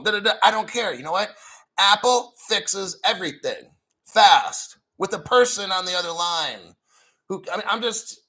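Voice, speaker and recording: Homem americano explosivo e desbocado. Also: male voice, high-pitched, pushed and bright, poor audio. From United States. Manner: foul-mouthed, combative, rambling. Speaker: crypto livestream host. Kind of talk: profane ranting livestream talk.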